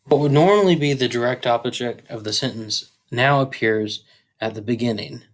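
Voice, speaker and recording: A man teaching a grammar tutorial, explaining step by step with a few fillers. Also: medium pitch. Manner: slow, deliberate explaining with occasional fillers.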